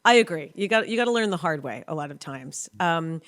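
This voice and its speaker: A woman's voice: low voice, expressive, brisk, fairly bright tone. A woman hosting an interview show, asking questions in a friendly, casual way. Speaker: host.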